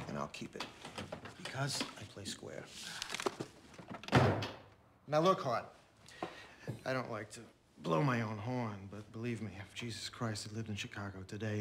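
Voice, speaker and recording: An actor playing a self-assured, smooth-talking middle-aged lawyer who speaks in brisk, dismissive lines. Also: male voice, fairly low pitch, noisy background. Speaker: slick defense lawyer.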